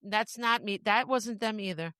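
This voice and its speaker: A woman's voice: mid-range voice, normal speed, bright, forceful tone, no room sound, clean studio sound. A woman co-hosting a podcast, chatting casually and often restarting her sentences. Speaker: podcast co-host. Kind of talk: casual chat.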